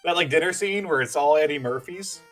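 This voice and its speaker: A man's voice: on the high side, fairly quick, a bit bright, soft background music. A young man co-hosting a podcast, bantering and giggling while they play a game. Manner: giggly, rambling, frequent laughter. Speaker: podcast co-host.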